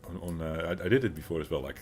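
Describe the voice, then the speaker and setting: A man's voice: low voice, very fast, soft background music. A man in his thirties with a Dutch accent, chatting casually with his stream chat, rambling with fillers as he answers them. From Netherlands.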